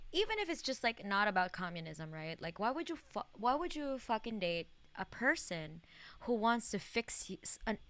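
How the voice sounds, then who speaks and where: A woman's voice: mid-range voice, fairly bright tone. A young woman streaming a video game, chatting casually in a rambling way, full of fillers and swearing and laughing often. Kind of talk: casual live-stream gaming chat.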